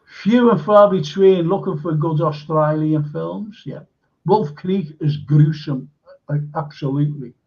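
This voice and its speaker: A man's voice: on the high side, a little slow. A man hosting a live stream, reading viewer comments aloud and chatting casually with fillers. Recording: dull lo-fi stream audio.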